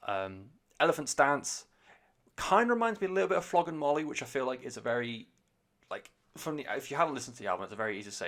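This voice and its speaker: A man's voice: medium pitch, very animated, quick pace, a bit bright. A man hosting a podcast, giving a casual, rambling album review full of swearing, fillers and restarts. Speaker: podcast host, music reviewer.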